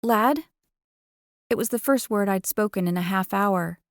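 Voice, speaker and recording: A woman narrating a first-person romance audiobook in an expressive, playful way, on a close studio mic. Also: mid-range voice, fairly quick, no echo.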